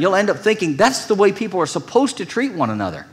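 A man's voice: sits high, very animated, fast. A man preaching a sermon in a conversational way, often restarting phrases and adding emphatic asides to the congregation. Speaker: pastor.

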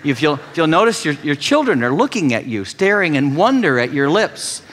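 A man preaching a sermon, reading scripture and then teaching with animated, mocking paraphrases. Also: a little high, normal speed. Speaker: pastor.

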